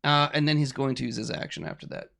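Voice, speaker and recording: A man's voice: mid-range voice, fast, gravelly, a bit bright. A man narrating and running a tabletop game as game master, explaining the rules casually.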